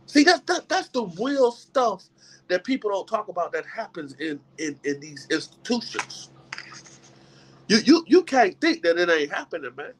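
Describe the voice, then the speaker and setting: High-voiced man giving an emphatic motivational talk. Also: big pitch swings, normal speed. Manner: emphatic preacher-like delivery with many repetitions. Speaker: motivational speaker. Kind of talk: motivational talk to a live group.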